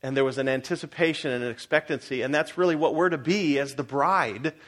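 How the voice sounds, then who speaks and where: Speaking a little fast in a mid-range voice, a middle-aged pastor delivers a sermon. He questions the congregation directly, swinging from forceful urging to hushed stories from his own life.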